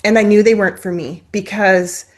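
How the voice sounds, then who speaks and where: Guest, female, mid-pitched, conversational personal testimony, emotional. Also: steady tone, normal speed. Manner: emotional, tearful at times, apologetic; conversational, uses fillers like "like" and "um". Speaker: interview guest. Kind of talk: personal storytelling in an interview.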